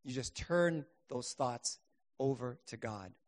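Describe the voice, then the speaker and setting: A middle-aged man preaching a sermon and telling his own testimony, earnest, rising to emphatic bursts and then dropping quiet. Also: mid-range voice, animated, takes it slowly.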